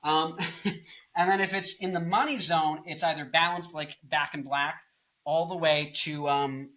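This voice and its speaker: Bright-voiced, joking young man. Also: a little high, fairly even intonation, unhurried. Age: 20s. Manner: jokey, rambling, goofs off into silly bits. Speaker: music video host. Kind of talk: casual music commentary.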